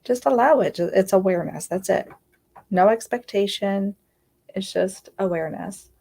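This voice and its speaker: This woman's voice is mid-range, gravelly, and dark, moving at a moderate pace. As an inner healing coach on a live stream she gives an earnest, confiding self-help talk, often adding "right?" and at times nearly crying.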